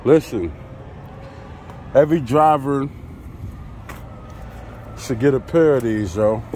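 A man's voice: medium pitch, slow pace, darkish tone, slight background noise. A man, a truck driver vlogging casually outdoors, laid-back and chatty as he talks straight to his viewers. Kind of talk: casual vlog talk to camera. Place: outdoors by a truck at a loading site.

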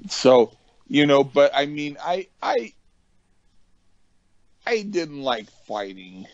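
Middle-aged guy co-hosting a podcast, slow and halting, dry dull-sounding audio. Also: a little high, sing-song, no echo. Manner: halting, many restarts, laughs often. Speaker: podcast co-host. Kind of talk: casual chat.

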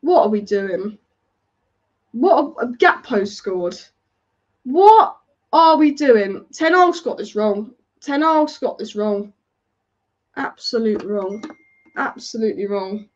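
A woman's voice: a little high, lively intonation, slow pace, pauses often, a little mellow. A woman reacting live to a football match as a fan, exasperated and swearing, repeating her complaints. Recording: dull lo-fi audio.

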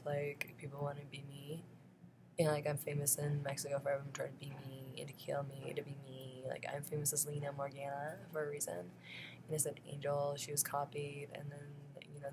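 Woman vlogging, low monotone voice, rambles and keeps laughing, noisy home recording. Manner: rambling, laughs often between phrases. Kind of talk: rambling to-camera monologue.

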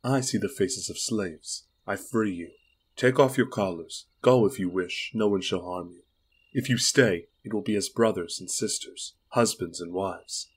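A man reading the part of a resolute, commanding young queen in an audiobook, speaking in measured, solemn declarations. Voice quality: low and husky.

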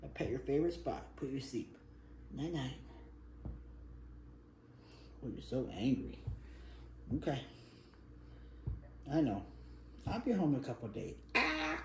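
A man's voice: medium pitch, big pitch swings, normal speed, long pauses. A man at home, talking to his pet cat in soothing baby talk. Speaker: cat owner. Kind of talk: casual home video chat. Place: home room. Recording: roomy home room with faint noise.

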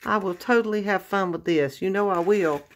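A woman's voice: medium pitch, normal speed. A woman chatting casually on her crafting vlog, gushing with effusive exclamations as she opens a gift. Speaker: crafting vlogger opening happy mail. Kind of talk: casual unboxing chat.

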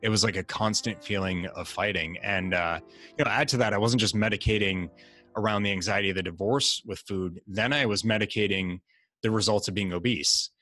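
A middle-aged man with a low voice and a bright, forward tone tells personal stories in a candid, reflective manner. The sound is dry and close, with almost no room echo. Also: a little fast, faint music behind. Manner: earnest, reflective, quotes others in lively asides. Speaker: podcast guest, life coach. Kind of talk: candid conversational storytelling.

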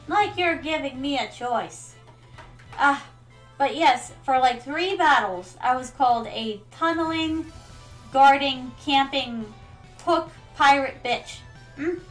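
A woman streaming a video game, chatting playfully and theatrically with viewers she calls her darlings. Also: sits high. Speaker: VTuber streamer. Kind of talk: casual gameplay commentary.

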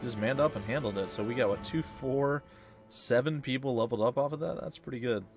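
A man hosting a let's play, giving chatty, excitable gameplay commentary that reacts loudly to hits and misses. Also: medium pitch, fairly quick, over music.

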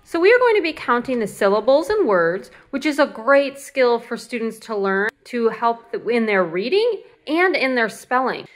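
A woman teacher showing hands-on classroom activities, sounding words out slowly and clearly. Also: fairly high pitch, a bit bright. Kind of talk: instructional demo.

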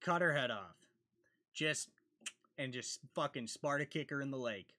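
A man hosting a reaction video, cursing and yelling angry outbursts at the screen between muttered commentary. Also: mid-range voice, lively intonation, moderate pace.

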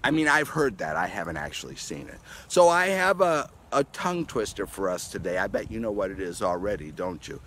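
A man who is a pastor, giving a playful, animated children's message outdoors in his garden at home. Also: sits low, brisk, hardly any pauses, a little hiss or hum, poor audio. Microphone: handheld camera.

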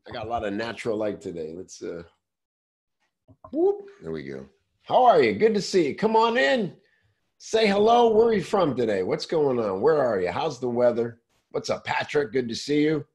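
A man's voice: mid-range voice, lively intonation, normal speed, a little mellow, breathy edge. A man hosting a casual livestream, greeting viewers by name in an upbeat way, saying he is losing his voice. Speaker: host. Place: indoors with natural light.

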